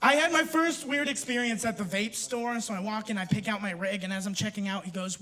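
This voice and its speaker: A young man doing a stand-up set in a university theater, brash and swearing, with sudden loud outbursts. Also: sits high, fairly quick, hardly any pauses. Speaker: stand-up comedian. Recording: roomy theater, distant mic, audience laughter.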